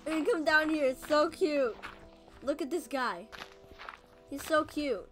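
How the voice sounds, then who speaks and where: Woman yelling and begging at the game, high voice, music in the back. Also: unhurried. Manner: excitable, pleading and scolding at game creatures. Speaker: gaming video host. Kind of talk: casual gameplay commentary. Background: background music.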